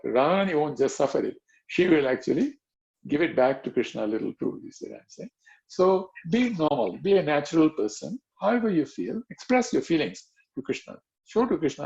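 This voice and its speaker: Man, devotional teacher, casual talk, video call, lively pitch, muffled lo-fi audio. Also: fairly quick, gravelly. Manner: chatty, conversational, full of "you know" asides. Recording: dull lo-fi online call audio.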